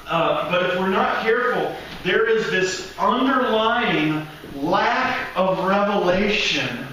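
Male preacher, high bright voice, slow deliberate delivery, animated sermon, echoey hall, mic at a distance. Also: slight background noise. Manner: animated, acts out voices of people praying.

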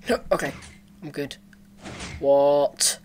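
A man's voice: medium pitch, moderate pace, fairly bright tone, slight background noise. A man giving casual commentary while playing a parkour game, talking to himself with sudden frustrated outbursts. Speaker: gaming let's player.

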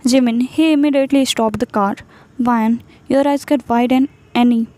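A woman's voice: fairly high pitch, steady tone, moderate pace, warm tone, no echo. A woman narrating a fan fiction story in a plain reading manner.

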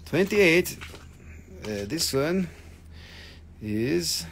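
A man's voice: mid-range voice, moderate pace, creaky, slight background noise. A man running a live online gem sale, chatting casually, joking, rambling and swearing as he shows the stones. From United States. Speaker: live-stream gem seller. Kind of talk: casual live sales chat.

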